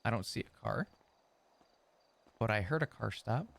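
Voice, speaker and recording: A man's voice: on the low side, lively intonation, moderate pace, vocal fry, a bit bright. A man streaming a roleplay game in character, chatting in a profane, ranting way and laughing often. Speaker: streamer role-playing his character.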